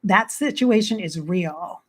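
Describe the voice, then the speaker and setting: This woman life coach speaks slowly and expressively in a lowish voice, addressing viewers on camera with casual motivational talk. Frank and chatty, she swears freely and keeps quoting herself with "I'm like."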